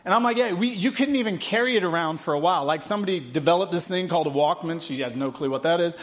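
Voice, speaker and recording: A man in his forties preaching a sermon in a church, telling a family story in an animated way. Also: on the high side, fast talker. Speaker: pastor. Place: church hall.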